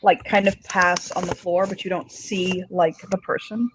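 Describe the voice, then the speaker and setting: A man running a tabletop role-play game as storyteller, narrating and voicing a stern warrior in hushed tones. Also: high-pitched, level tone, normal speed, slight background noise, poor audio.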